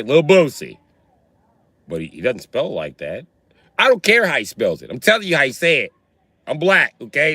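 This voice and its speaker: A man's voice: fairly low pitch, dry recording. A man ranting casually on a livestream, rambling, swearing and laughing often. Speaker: livestream host. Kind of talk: casual comedic rant.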